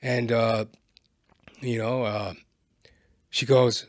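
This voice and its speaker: A man vlogging, telling a personal story in a casual, animated way and constantly checking in with the listener. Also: mid-range voice, moderate pace, breathy edge, no room sound, clean studio sound. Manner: animated, keeps adding "right?".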